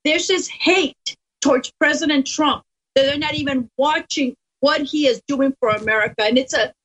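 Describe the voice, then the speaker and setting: A woman's voice: high voice, moderate pace, fairly bright tone. A woman from the Mexico–Texas border whose first language is Spanish, speaking earnestly with a Californian accent as a political guest. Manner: earnest, emphatic. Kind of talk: casual interview talk. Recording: muffled lo-fi audio.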